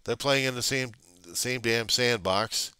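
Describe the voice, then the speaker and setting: A middle-aged man in a rambling casual monologue, gruff and grumbling, swearing freely as he talks to his webcam. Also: medium pitch, measured pace, sharp tone, dry recording. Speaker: vlogger.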